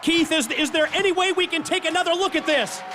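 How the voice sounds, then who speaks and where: A man's voice: extremely high pitch, fairly even intonation, fairly quick. Emphatic male wrestling analyst. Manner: emphatic, restating points. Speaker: color commentator. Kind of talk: wrestling commentary. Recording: loud arena noise behind.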